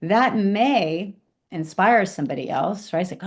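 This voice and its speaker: A woman's voice: medium pitch, lively intonation, a little slow. A woman leading a spiritual class conversation, speaking reflectively and checking in with her listeners. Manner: reflective, often asks "right?". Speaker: class leader.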